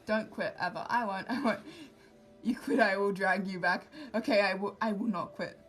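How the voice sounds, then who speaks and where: A cosplay livestreamer, this young woman speaks in a steady, mid-range voice at a moderate pace as she chats casually with her audience. She's self-mocking and easily sidetracked, and the distant mic captures background music too.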